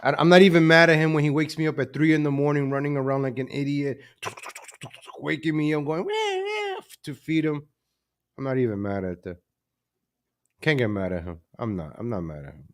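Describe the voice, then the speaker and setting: Hosting a relaxed live stream from his home computer through a desk mic, a medium-pitched man talks a little fast and pauses often. He's talkative, gets distracted easily, and says the same things more than once.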